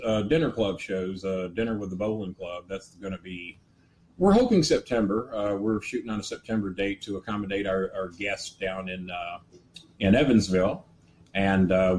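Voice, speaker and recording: An older man, hosting a casual live stream in a rambling, folksy way with joking asides. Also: lowish voice. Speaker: host. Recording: faint ambient noise.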